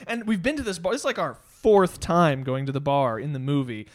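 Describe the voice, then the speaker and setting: A man's voice: fairly high pitch, brisk. A man talking casually and enthusiastically about a movie with friends, with many fillers and restarts. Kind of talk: casual film discussion.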